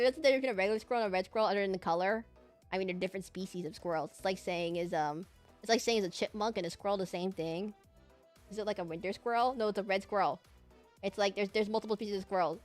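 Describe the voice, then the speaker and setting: A woman VTuber chatting casually on stream, excitable and rambling with lots of fillers and little laughs. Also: mid-range voice.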